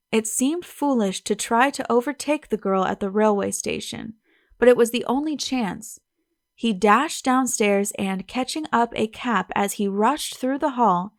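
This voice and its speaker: Woman audiobook narrator, measured and even, a touch high, dry booth sound. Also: dry recording. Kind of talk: scripted narration.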